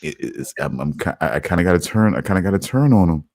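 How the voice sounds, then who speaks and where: A man co-hosting a podcast in casual chat, halting and repeating himself. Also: low voice, lively intonation, creaky, a little mellow, dry recording. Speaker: podcast co-host.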